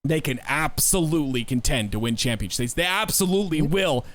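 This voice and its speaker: A man's voice: a little high, fairly quick. Assertive male podcast co-host. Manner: animated and assertive, with folksy sayings and repeated emphasis. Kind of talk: casual podcast discussion.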